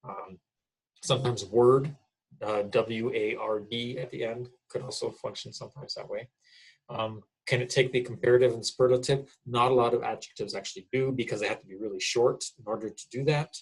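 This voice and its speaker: A man's voice: medium pitch, fairly even intonation, a little fast, slightly rough, poor audio. A middle-aged man, a college English instructor, explains grammar in a casual recorded lecture, often checking in with "okay?".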